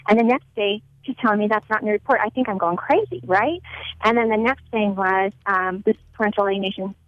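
A woman's voice: mid-range voice, a little fast, no room sound, lo-fi sound. A woman giving a personal testimony, telling her story earnestly and acting out the dialogue as she recounts it.

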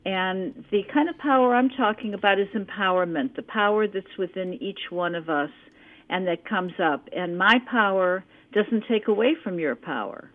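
A woman author being interviewed, speaking thoughtfully with frequent pauses and fillers. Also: medium pitch. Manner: slow, thoughtful, with many fillers. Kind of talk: interview conversation. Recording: tinny phone line.

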